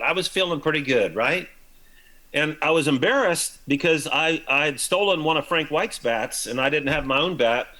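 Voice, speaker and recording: An older man, a former ballplayer, telling lively anecdotes in a broadcast interview and acting out the lines he quotes. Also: on the high side, rough recording. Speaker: guest, former baseball player.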